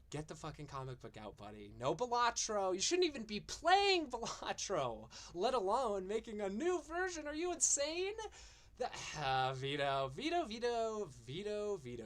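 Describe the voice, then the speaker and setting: A man's voice: on the high side, fairly bright tone. A man hosting a stream, ranting in a profane, mocking and exasperated way. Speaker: streamer and show host.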